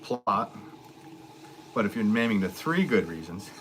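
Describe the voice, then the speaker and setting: A man with a fairly low voice hosts a laid-back live stream, joking his way through viewers' comments. His talk is chatty and loose, with easy laughs. Faint ambient hiss sits under him. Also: very animated, unhurried. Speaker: potter hosting a live stream. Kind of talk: casual live-stream chat.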